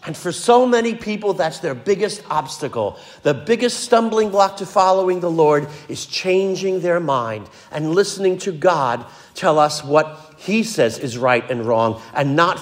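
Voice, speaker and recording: Earnest older preacher in a reverberant hall. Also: male voice, on the high side. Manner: earnest, acts out quoted voices. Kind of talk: sermon.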